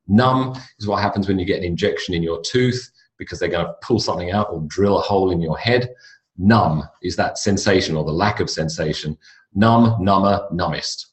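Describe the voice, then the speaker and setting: Low-pitched male teacher, easygoing lecture manner, echoey room sound. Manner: relaxed, conversational, with asides and restarts. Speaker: English pronunciation teacher. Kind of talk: recorded lecture.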